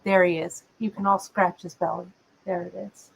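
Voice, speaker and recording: A gravelly woman in her fifties with a fairly low, breathy voice hosts a live beading show from an indoor workshop bench. Her pitch barely moves and she talks at a normal speed, chatting and meandering casually with viewers and her cat. The recording is rough.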